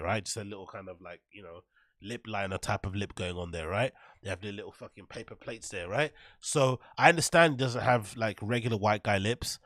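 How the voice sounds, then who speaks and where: A man's voice: medium pitch, a bit bright, dry recording, clean studio sound. A man hosting a commentary show, ranting and mocking clips with heavy profanity and filler words. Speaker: host.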